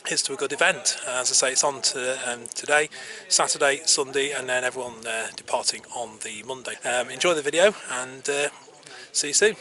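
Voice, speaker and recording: A man's voice: medium pitch, a little fast. Chatty man vlogging from a campsite. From England. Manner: rambling and relaxed, lots of ums and uhs. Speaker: camping vlogger. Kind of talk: casual outdoor vlog. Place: campsite outdoors.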